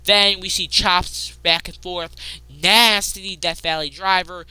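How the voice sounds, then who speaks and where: A woman hosting a casual wrestling recap, excitable, jumping between loud outbursts and muttered asides. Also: on the low side, slow pace, clear, resonant tone, no echo.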